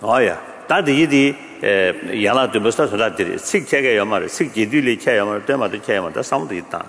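A man giving a Buddhist teaching in an animated way, chuckling often. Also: on the low side, quick pace, creaky. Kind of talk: dharma teaching in a hall. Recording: long hall reverb, faint noise.

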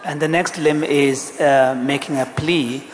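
A man interpreting a Buddhist teaching into English, explaining in a measured, deliberate way. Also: on the high side, fairly even intonation. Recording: echoey hall, faint background noise.

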